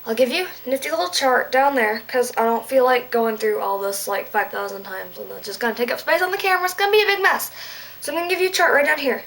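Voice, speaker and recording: A woman's voice: fairly high pitch, steady tone, quick pace, vocal fry, a bit bright, poor audio. Playful woman teaching Latin verbs. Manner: playful, goofy asides and self-deprecating jokes. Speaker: Latin tutor. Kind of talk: casual video lesson.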